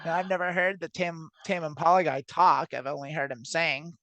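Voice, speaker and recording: A woman's voice: sits low, steady tone, normal speed, fairly bright tone, dry recording. A trans woman co-hosting a podcast, chatting casually in a rambling, filler-heavy way, laughing often and swearing freely. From United States. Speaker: podcast co-host. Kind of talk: casual chat.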